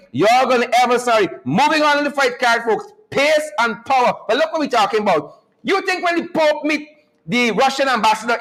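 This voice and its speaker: A man hosting a live-streamed talk show, animated and mocking, with a preacher-like cadence. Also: extremely high pitch, rough recording.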